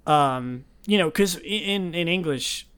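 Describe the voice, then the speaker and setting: A man's voice: on the high side, expressive, unhurried, a bit bright, clear, resonant tone. A young man hosting a podcast, chatting casually, rambling with lots of restarts and laughs. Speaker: podcast host. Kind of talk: casual chat.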